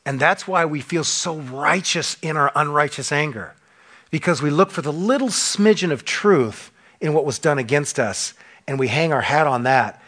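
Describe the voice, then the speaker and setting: Preaching to a church congregation, this pastor has a mid-range voice with a breathy edge. He is impassioned, posing rhetorical questions and moving from loud emphasis down to hushed moments.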